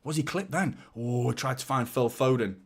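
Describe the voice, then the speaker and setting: A man hosting a live football watchalong, chatting and joking with viewers and getting excited during attacks. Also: medium pitch, normal speed, slightly rough. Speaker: fan channel host. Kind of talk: live match watchalong commentary and chat.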